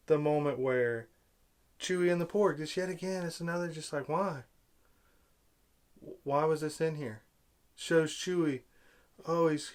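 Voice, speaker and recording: A vlogger giving an angry film-review rant, sarcastic and exasperated, full of rhetorical questions. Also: mid-range voice.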